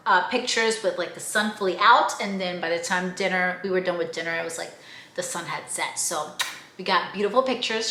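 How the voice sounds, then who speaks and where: A young woman vlogging casually about her trip, chatty and animated, swearing offhand and acting out the people she met. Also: mid-range voice. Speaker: travel vlogger. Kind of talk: casual travel vlog. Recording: echoey room.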